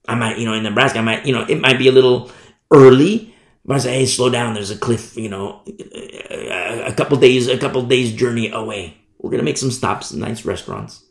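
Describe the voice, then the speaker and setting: A man preaching a sermon, telling a story with lively energy and acting out shouted warnings. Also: medium pitch, fairly quick, vocal fry. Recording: echoey room.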